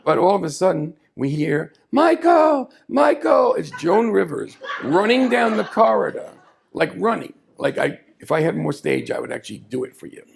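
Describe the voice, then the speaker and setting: A man telling a story live on a small café stage, animated and chatty, with asides to the audience. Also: mid-range voice, creaky, breathy edge.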